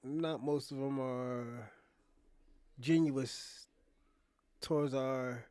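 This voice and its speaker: A man's voice: mid-range voice, fairly even intonation, extremely slow, dark tone, clear, resonant tone, dry recording. Blunt emphatic man ranting, dry sound. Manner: blunt, emphatic, with repeated restarts. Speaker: commentary show host. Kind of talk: casual ranting commentary.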